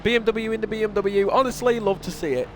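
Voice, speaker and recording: Young man, race commentator, high voice, casual and self-mocking, faint background hum. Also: fast. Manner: casual, self-deprecating, with restarts and exclamations. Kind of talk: sim racing commentary.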